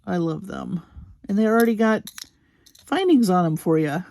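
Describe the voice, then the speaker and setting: A woman hosting a crafting video, gushing slowly and admiringly over beads with soft exclamations as she unboxes them. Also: fairly low pitch, expressive, vocal fry. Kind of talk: unboxing commentary.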